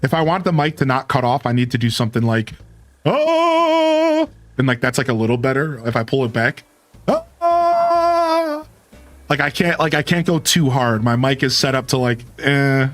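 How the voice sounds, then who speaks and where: A young adult man chatting casually on a live stream into a studio microphone, laid-back and animated, his voice peaking and dropping, with lots of "like" and "dude". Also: mid-range voice, fast, hardly any pauses. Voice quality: dynamic voice that peaks and drops. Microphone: studio mic with equalizer and cutoff.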